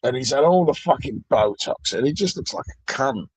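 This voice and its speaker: A man's voice: medium pitch, lively intonation, normal speed, husky, no echo, low-quality recording. A middle-aged man, ranting alone to camera in a blunt, sweary, sardonic way. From Britain. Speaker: vlogger. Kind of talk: profane solo rant.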